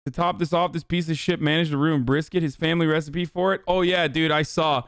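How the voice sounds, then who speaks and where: A man's voice: a little high, fairly quick, clear, resonant tone, no room sound, clean studio sound. A male streamer giving casual, profane, rambling livestream reaction commentary. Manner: profane, animated, rambling riffs.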